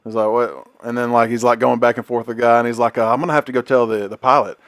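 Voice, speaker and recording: A man's voice: mid-range voice, steady tone, fast talker, no echo, clean studio sound. A man co-hosting a podcast, chatting casually and animatedly retelling a comedy sketch through laughter. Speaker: podcast co-host. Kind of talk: casual chat.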